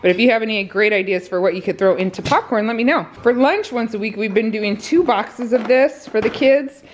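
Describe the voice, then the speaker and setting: A woman's voice: on the high side, fairly quick, slight background noise. A woman, chatting casually through a grocery haul, out of breath and laughing often. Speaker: vlogger showing a grocery haul. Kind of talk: casual chat.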